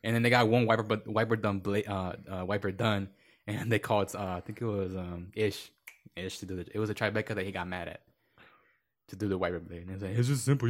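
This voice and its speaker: Low-voiced guy rambling fast through work stories, lots of "you know". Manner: rambling storyteller, many fillers and quoted voices. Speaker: podcast guest. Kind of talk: casual chat.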